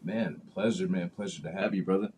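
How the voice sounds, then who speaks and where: A man's voice: sits low, steady tone, a little fast, darkish tone, slight background noise. A man hosting a casual football podcast, talking in a rambling way with many fillers and restarts. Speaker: podcast host.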